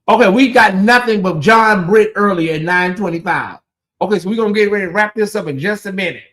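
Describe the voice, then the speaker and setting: A high-voiced man hosts a late-night gossip livestream in a loose, chatty style. He speaks directly to his viewers with a lilt and keeps breaking off into animated asides.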